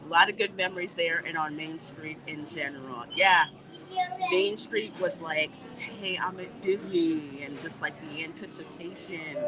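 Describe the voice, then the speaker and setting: A woman hosting a casual livestream while walking through a theme park, reading viewer comments and chatting in an animated way. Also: low voice, unhurried, crowd noise. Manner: chatty and animated, warm greetings, laughs often. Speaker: livestream host. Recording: noisy outdoor livestream audio. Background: park ambience and music.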